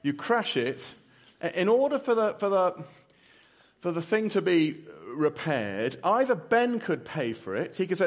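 A man preaching earnestly, pleading with listeners, then leading a slow prayer and answering a question. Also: high-pitched, sing-song. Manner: earnest, pleading, with soft drops and emphatic rises. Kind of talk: sermon with prayer and Q&A.

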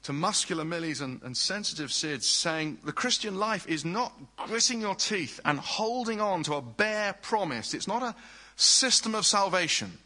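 A male preacher delivering a sermon with earnest conviction. His voice is bright and forward with a husky edge, and he often sinks into quiet, hushed phrases. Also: sits high, lively intonation, moderate pace, hardly any pauses, low-quality recording. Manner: earnest, drops to soft hushed tones for tender lines.

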